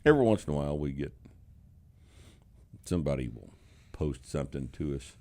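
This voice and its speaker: Very deep-voiced man with Texas drawl. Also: animated, a little fast, a little mellow. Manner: blunt, mocking, laughs often. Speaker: podcast host. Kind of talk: casual profane chat.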